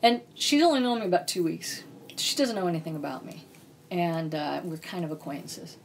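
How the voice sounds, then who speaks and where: A woman's voice: lowish voice, expressive, fairly quick, creaky, a little hiss or hum. A woman author, a podcast guest, telling a personal story in a blunt, casual way and swearing freely. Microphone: podcast mic.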